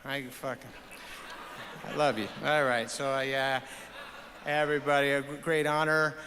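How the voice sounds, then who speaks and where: A man's voice: medium pitch, little pitch movement, moderate pace, pushed and bright, slight background noise. A middle-aged man giving an off-the-cuff, stammering, jokey award acceptance speech on a ceremony stage. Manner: rambling, stammering, profane and jokey. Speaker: award recipient. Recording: reverberant awards hall, faint ambience.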